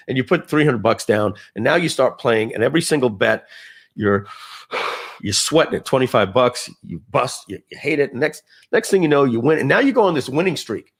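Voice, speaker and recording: A man's voice: medium pitch, fairly quick, husky. Chatty man giving a webinar. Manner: chatty, animated, acts out quoted reactions. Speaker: software trainer. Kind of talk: live webinar training, storytelling asides.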